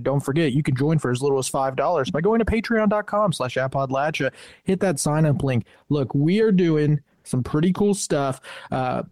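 A man's voice: on the high side, a little mellow, no room sound, clean studio sound. A man co-hosting a podcast, reading announcements in a chatty, joking way over a video call. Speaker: podcast co-host.

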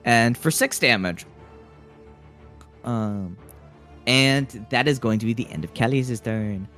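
A man's voice: mid-range voice, takes it slowly, a bit bright, soft background music. A man narrating a tabletop game as game master, often breaking into laughter.

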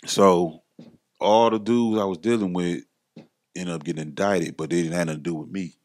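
A man's voice: low-pitched, steady tone, normal speed, a little mellow. A man, a podcast guest, telling his story in casual slang and acting out the voices of the people he quotes.

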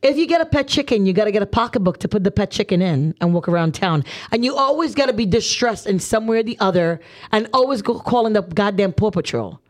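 A woman's voice: medium pitch, animated, fast, hardly any pauses. Sassy, teasing female podcast co-host. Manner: sassy, teasing, swears casually. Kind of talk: casual chat.

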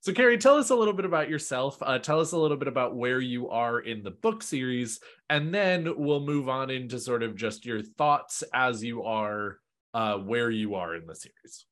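A man's voice: mid-range voice, lively intonation, normal speed, a bit bright. A man hosting a podcast, rambling casually and laughing easily. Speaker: podcast host.

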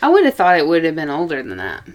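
A woman's voice: sits low, wildly swooping pitch, quick pace, slight background noise. A woman co-hosting a podcast in casual chat, blunt and outspoken, swearing freely. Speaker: podcast co-host.

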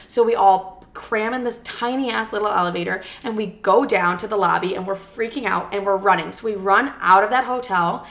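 A young woman telling a personal story in a casual, animated way. She swears freely and acts out what each person said. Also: mid-range voice, brisk, vocal fry, hardly any pauses.

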